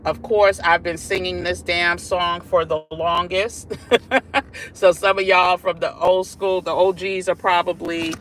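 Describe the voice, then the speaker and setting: A woman's voice: on the low side, level tone, a little slow, fairly bright tone, a little hiss or hum. A woman hosting a casual live stream from her car, sassy and chatty, talking straight to her viewers. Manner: sassy, chatty, calls viewers "y'all" and "child". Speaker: vlog host. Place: in a car while driving.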